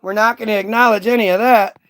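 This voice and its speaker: Streamer, male, high voice; combative, taunting rant at his chat. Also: steady tone, fast, fairly bright tone. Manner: mocking, confrontational, profane. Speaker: livestream host. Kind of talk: ranting at commenters.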